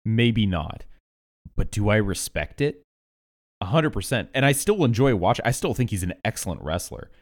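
An enthusiastic young man co-hosting a casual podcast. His voice sits low but swings widely in pitch. He laughs often. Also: big pitch swings, normal speed. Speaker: podcast co-host. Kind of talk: casual chat.

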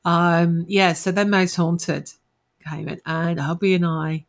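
Podcast co-host: middle-aged woman, low, gravelly voice, casual and self-mocking. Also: fairly even intonation, slow pace. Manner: laughing, self-deprecating storyteller. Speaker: podcast co-host, ghost hunter.

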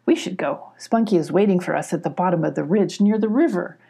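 A cheerful, talkative young girl, as a woman reading a storybook puts her on. Her chatter sounds light and friendly over a gravelly, husky base. The tone is warm and mellow rather than bright. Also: fairly low pitch, fairly quick.

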